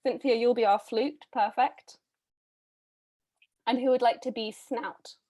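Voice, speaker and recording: A woman hosting a live online read-through, casting roles in a chatty, brisk way with frequent ums, heard over a video call. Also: fairly high pitch, fairly even intonation, dark tone. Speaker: read-a-thon host casting readers.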